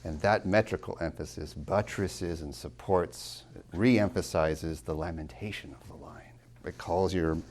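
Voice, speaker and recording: Deep, gravelly man lecturing on poetry. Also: darkish tone. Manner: emphatic, with rhetorical questions; slows down to stress key words. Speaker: college tutor lecturing.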